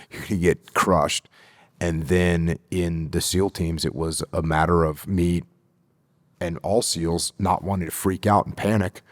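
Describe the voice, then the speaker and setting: A middle-aged man from the United States talks as a podcast guest, steady and measured, and drives his points home by repeating them. His voice sits very low, and the sound is close and dry, with no room around it. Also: no room sound. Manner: emphatic, repeats key phrases for stress. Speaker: guest, retired military officer. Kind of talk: podcast interview.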